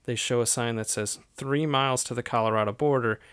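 A man co-hosting a podcast, chatting casually about a movie, animated and often laughing as he recounts scenes. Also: mid-range voice, brisk, clean tone, dry recording, clean studio sound. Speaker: podcast co-host. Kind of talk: casual movie-review chat.

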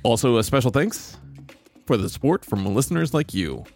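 A man's voice: mid-range voice, big pitch swings, normal speed, a little mellow, soft background music. A man co-hosting a podcast, rambling wryly through sports betting picks and show plugs while losing his voice. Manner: rambling, wry, self-mocking. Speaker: podcast co-host. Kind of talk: casual sports betting chat.

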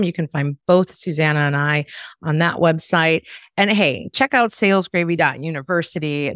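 A woman's voice: low voice, no room sound, clean studio sound. A woman hosting a podcast, chatting casually and laughing often. She is from the United States. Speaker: podcast host.

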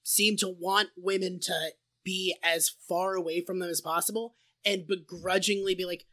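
Podcast co-host, bright and sharp tone, casual chat with dry, wry asides. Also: medium pitch, steady tone, moderate pace.

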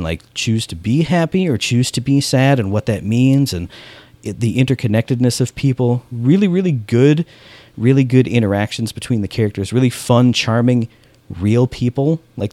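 A man's voice: medium pitch, normal speed, dark tone, no echo. A man chatting casually as a podcast host, enthusiastic and full of "like", acting out the dialogue in his stories. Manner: enthusiastic, heavy use of "like". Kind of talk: casual chat.

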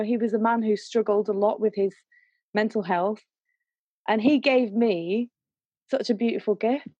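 A woman's voice: medium pitch, dark tone, no echo, lo-fi sound. A woman, a singer, telling a personal story in a reflective, emotional way. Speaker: guest singer. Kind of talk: conversational storytelling.

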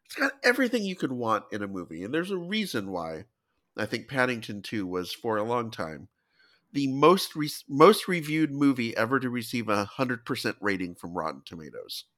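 A man in casual podcast chat, his voice bright and forward. He swings his pitch around a lot as he enthuses, playful and eager. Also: very animated, moderate pace. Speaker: podcast co-host.

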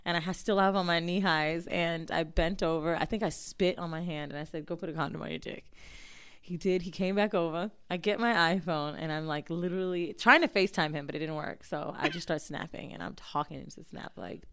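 Young female co-host, low and smooth, profane animated storyteller. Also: a little fast. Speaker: podcast co-host. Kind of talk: explicit casual chat and storytelling.

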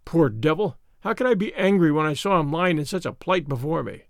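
A male narrator reading a classic story with lively, varied intonation and a fairly high voice. The recording is dry and close, with no room sound. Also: fairly quick, no echo. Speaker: audiobook narrator. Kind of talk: scripted narration.

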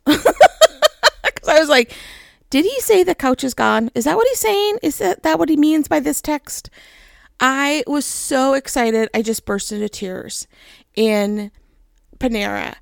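A woman giving a casual devotional talk, telling a personal story with animated acted-out voices. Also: medium pitch, creaky, clean tone, dry recording, clean studio sound. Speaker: devotional speaker.

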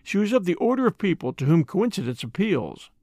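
A man narrating an audiobook in an expressive, deliberate way. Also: high-pitched, no room sound, studio quality. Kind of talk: dramatic audiobook reading.

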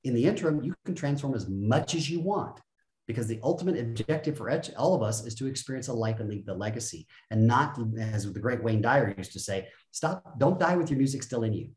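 A man's voice: medium pitch, animated, fairly quick, darkish tone. Blunt, emphatic man in an echoey room. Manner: emphatic, blunt, mimics voices for effect. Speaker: guest, self-help speaker. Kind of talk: energetic podcast conversation.

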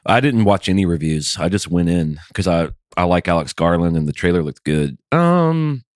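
A man's voice: low-pitched, very animated, moderate pace, no echo, studio quality. A man co-hosting a casual podcast chat, talking in an easygoing, rambling way about films. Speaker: podcast co-host.

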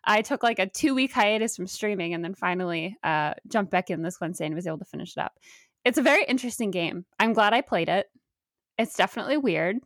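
A young woman co-hosts a casual podcast, upbeat and giggly as she chats. Her voice sits at an ordinary pitch and sounds close and dry, with almost no room sound. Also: fast, no room sound. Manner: giggly, upbeat, animated storytelling. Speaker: podcast co-host. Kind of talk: casual chat.

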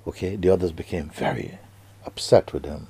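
A man giving a spiritual talk to students, slow and hushed with sudden emphatic rises, and slightly non-native grammar. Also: low-pitched, gravelly, breathy edge. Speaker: spiritual teacher.

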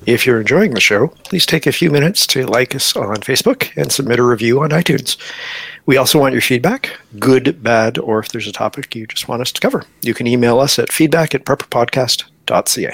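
Husky-voiced podcast co-host. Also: male voice, medium pitch, expressive, a little fast, fairly bright tone, no echo. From Canada. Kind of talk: reading a plug.

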